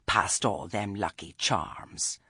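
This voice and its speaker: A man voicing a stern old witch woman who speaks meekly and quietly, with menace under it. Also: a bass voice, takes it slowly, husky, dry recording, clean studio sound, heavily acted. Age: older. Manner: meek, soft-spoken, understated.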